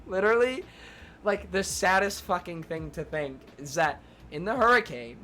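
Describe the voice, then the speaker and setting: A young streamer whose voice sits on the high side, sharp in tone with lively intonation, talks at a moderate pace. Casually telling his live chat a long story, he rambles, leans on "like" constantly, swears often and pauses to thank viewers.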